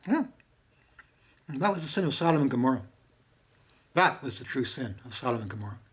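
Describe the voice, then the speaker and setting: A man talking casually to camera at home, impassioned and profane, swinging from loud bursts to hushed whispers. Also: mid-range voice, sing-song, a little fast, breathy edge. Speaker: monologuing about strangers and religion. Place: home with maps on the wall. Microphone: handheld camera.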